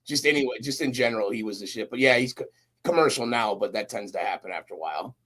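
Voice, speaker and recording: A man's voice: on the low side, expressive, fast, fairly bright tone, slightly rough. A young man, a guest on a podcast, chatting casually with lots of slang and storytelling. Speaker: guest, roofing company recruiter.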